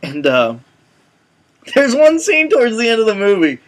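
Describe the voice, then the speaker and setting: A man co-hosting a casual web show, telling stories in an animated way and swearing now and then. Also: very high-pitched, a little slow. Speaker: co-host. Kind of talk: casual chat.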